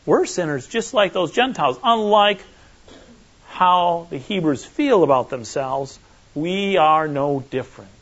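Male preacher, high-pitched and lively, emphatic teaching style, on a muffled lo-fi recording. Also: unhurried. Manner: animated, emphatic, checks in with the audience. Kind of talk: conversational sermon teaching.

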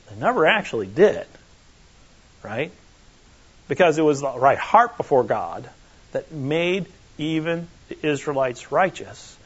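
Male preacher, high-pitched and lively, emphatic teaching style, on a muffled lo-fi recording. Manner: animated, emphatic, checks in with the audience. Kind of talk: conversational sermon teaching.

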